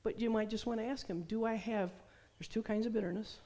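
A woman's voice: a little high, fairly even intonation, brisk, warm tone. A middle-aged woman preaching a sermon, telling stories and acting out the voices she quotes. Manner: storytelling, acts out quoted voices. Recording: long hall reverb.

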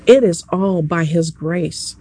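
A preacher delivers an earnest sermon at an evening service in a warm, mellow voice. The talk stays conversational and speaks straight to the listeners, with pitch at an ordinary middle level. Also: slow, husky.

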